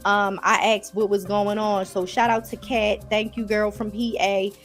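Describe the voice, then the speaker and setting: Baltimore lady talking to y'all about last night's episode, mid pitch, little music behind. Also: level tone, a little slow. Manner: chatty, addresses viewers as y'all. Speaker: TV episode reviewer. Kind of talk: casual recap to viewers.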